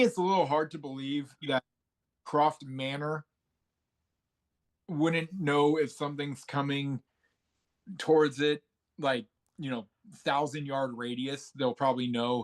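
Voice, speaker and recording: A man's voice: medium pitch, fairly even intonation, unhurried. A man co-hosting a casual movie podcast, thinking aloud and restarting his sentences. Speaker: podcast co-host.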